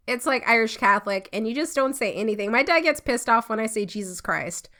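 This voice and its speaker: Young woman, twenties, podcast co-host, high voice, swooping pitch, emphatic and exasperated. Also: lively intonation, brisk, pushed and bright. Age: 20s. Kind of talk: casual comedic chat.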